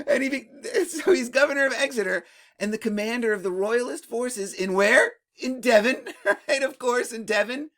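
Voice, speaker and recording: An excitable host walking through colonial history in a relaxed, chatty explainer. The voice sits at a middle pitch and often breaks into laughter. Sentences keep ending on a questioning "right?". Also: a little fast. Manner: excitable, jumps up in pitch when amused.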